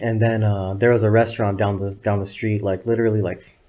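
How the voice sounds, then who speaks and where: This interview guest, a videographer, rambles through loose, profane anecdotes and acts out the dialogue. The voice is mellow and on the low side, level in tone and fairly quick.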